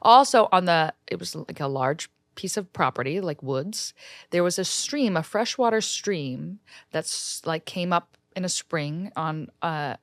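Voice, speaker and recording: A woman's voice: on the low side, lively intonation, unhurried, no echo, studio quality. A young woman from New Jersey, co-hosting a podcast, telling a spooky story in a brash, joking way and swearing freely. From New Jersey, USA. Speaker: podcast co-host. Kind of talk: casual chat, storytelling.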